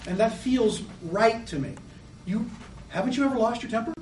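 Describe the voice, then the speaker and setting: A man gives a lecture in a high, animated voice and slips into little acted-out voices of children to make his points. The sound is roomy and echoey. He is set back from the microphone, with a faint hum of room noise behind him. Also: normal speed. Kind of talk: lecture on psychoanalytic theory. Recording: echoey room, mic at a distance.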